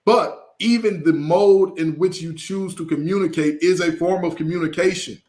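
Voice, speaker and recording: A man co-hosting a sports podcast, talking in an animated, emphatic way with playful asides. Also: high-pitched, moderate pace. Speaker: podcast co-host. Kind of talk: casual sports chat.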